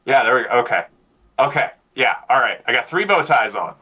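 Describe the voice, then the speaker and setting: A man's voice: mid-range voice, animated, a little fast, slightly rough, lo-fi sound. A man guesting on a casual livestream, chatty and laughing easily, rambling through restarts. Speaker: guest speaker on mental health.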